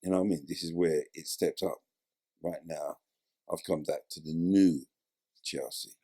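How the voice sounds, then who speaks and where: Man, gravelly husky voice, lively storytelling, dry close sound. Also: rumbling low, moderate pace, no echo. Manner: animated, acts out voices in his stories. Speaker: interview guest, former footballer. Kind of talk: casual storytelling interview.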